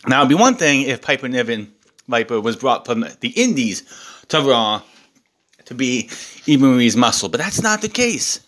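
Guy doing a wrestling review rant, fed up, cusses a lot, bright lively voice. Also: mid-range voice, normal speed. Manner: exasperated, swears often, animated delivery. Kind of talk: casual ranting recap.

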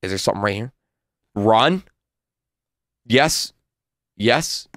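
A man's voice: fairly low pitch, expressive, slow, a bit bright. Jumpy man muttering through a game. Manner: nervous muttering, repeats phrases. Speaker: gaming YouTuber. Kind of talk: let's play commentary.

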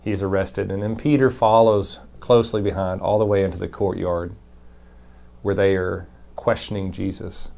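A man's voice: low voice, steady tone, moderate pace, vocal fry, dark tone. A man, a pastor, giving a brief conversational devotion and reading Scripture aloud with emphasis. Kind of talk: short recorded devotion.

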